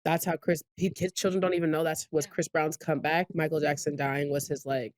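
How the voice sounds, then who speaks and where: Deep-ish voice woman cohost, jumping in with yeahs and questions. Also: little pitch movement. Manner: chiming in with quick agreement and questions. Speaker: podcast co-host. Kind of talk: casual chat.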